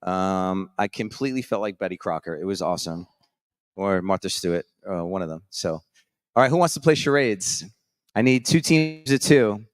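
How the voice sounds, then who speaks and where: A man's voice: sits low, animated, normal speed, dry recording, studio quality. Upbeat chatty man hosting on stage. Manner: upbeat, chatty, rambling with frequent restarts. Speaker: host. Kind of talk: live stage hosting and casual storytelling. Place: conference stage before a live audience.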